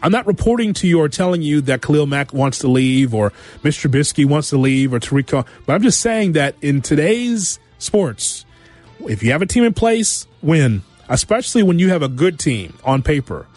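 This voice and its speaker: A man hosting a sports talk radio show, giving an animated monologue full of rhetorical questions and repeated phrases. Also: fairly high pitch, normal speed, soft background music. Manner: animated, rhetorical, repeats himself, acts out quotes.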